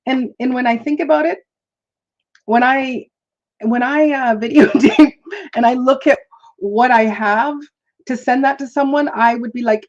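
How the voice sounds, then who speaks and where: A woman's voice: high voice, unhurried, long pauses, dull audio. A woman hosting a live stream, chatting in a rambling, casual way, laughing often and greeting viewers. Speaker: livestream host.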